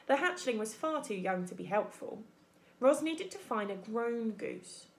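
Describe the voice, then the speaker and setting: A woman teacher reading a children's book aloud in an expressive storytelling manner. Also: fairly high pitch, measured pace. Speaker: primary school teacher.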